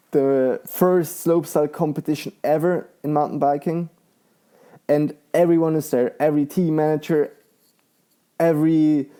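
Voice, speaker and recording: Excitable young man, mellow voice. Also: fairly high pitch. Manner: excitable, laughs often, lots of fillers. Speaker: guest, professional mountain bike rider. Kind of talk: casual conversational interview.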